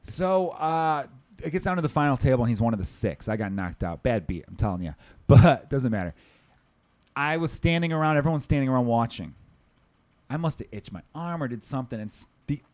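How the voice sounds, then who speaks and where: On his laid-back podcast, a thirty-something host with a Chicago accent spins stories at a fast clip, cursing without restraint. He has a medium-pitched, darkish voice.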